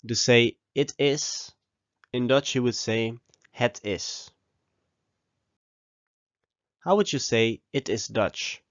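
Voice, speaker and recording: A man of middle pitch leads a scripted language lesson, pausing so the listener can repeat each phrase. He speaks close to the mic in a dry room. The recording sounds a little dull and muffled. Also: no room sound. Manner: slow, deliberate model pronunciation with pauses for repeating. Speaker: language teacher.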